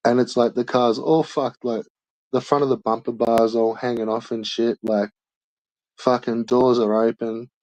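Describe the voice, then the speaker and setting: A man's voice: medium pitch, flat delivery, normal speed, a little mellow, no echo, low-quality recording. An Australian man in casual chat, telling rambling, sweary stories full of "like".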